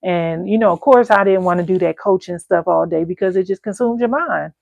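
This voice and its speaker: Gravelly, chatty woman coach. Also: fairly low pitch, brisk, dry recording. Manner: animated, colloquial and chatty. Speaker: candle-making coach. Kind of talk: casual storytelling to viewers.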